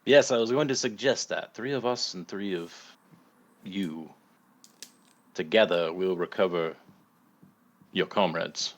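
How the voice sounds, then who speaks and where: A man voicing a calm, diplomatic townsman in a measured way. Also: sits low. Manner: measured, slow.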